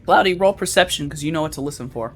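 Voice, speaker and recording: A man running a tabletop role-playing game as game master, narrating calmly. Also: on the high side, quick pace.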